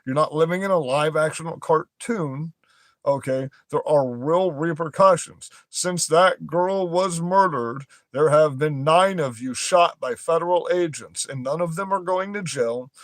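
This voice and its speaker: A man's voice: on the high side, measured pace, no room sound. A young man reading news headlines aloud and breaking into profane, aggressive, mocking rants as a commentary host.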